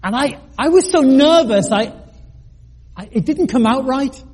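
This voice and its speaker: Middle-aged male preacher, husky high voice, earnest storyteller with wry asides. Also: animated, unhurried, a little mellow. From United Kingdom. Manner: earnest, self-deprecating, with joking asides and stammered restarts. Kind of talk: sermon with personal story.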